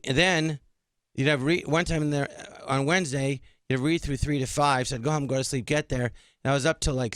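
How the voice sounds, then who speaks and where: A middle-aged man guesting on a radio show, telling stories with lively back-and-forth quoting. The sound is close and dry, with no room around it. His pitch sits in the middle for a man. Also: dry recording. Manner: animated, acts out quoted dialogue. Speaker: guest comedian. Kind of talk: casual interview storytelling.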